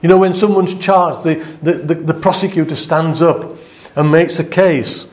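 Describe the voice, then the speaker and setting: High-voiced man preaching a sermon. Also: normal speed, darkish tone, reverberant. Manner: conversational, acts out the quoted speech of God with a raised voice.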